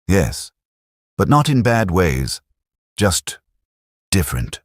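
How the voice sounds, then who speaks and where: A reserved young American soldier who answers in few, hesitant words, voiced by the male narrator. His tone stays very low and husky. The recording is dry and close. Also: sing-song, slow, dry recording, exaggerated voice. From Virginia. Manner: short, hesitant replies.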